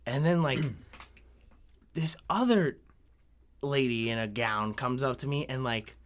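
A young man telling a story in casual chat, swearing often, laughing and getting animated. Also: medium pitch, slow.

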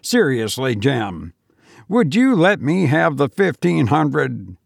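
A man's voice: medium pitch, sing-song, slow, gravelly, no room sound, clean studio sound, full character voice. A man voicing a broke young schemer with a light, mocking manner.

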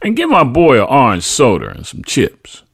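A man voicing a loving, proud father in a memoir reading, with a husky voice. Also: mid-range voice, huge pitch swings, normal speed, no room sound, studio quality, voice pushed up, full character voice. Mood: affectionate. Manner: affectionate, proud. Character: loving working-class father, proud and warm.

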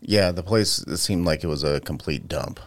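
A man with a very low, deep voice co-hosting a casual podcast. He drops short, dry and sardonic comments into the chat. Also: normal speed. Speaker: podcast co-host.

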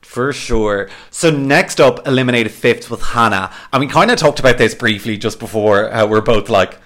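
A man's voice: mid-range voice, normal speed, fairly bright tone. A man hosting a podcast in a casual, gossipy chat, peppered with "like" and the odd swear. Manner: chatty, heavy use of "like", swears freely. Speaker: podcast host.

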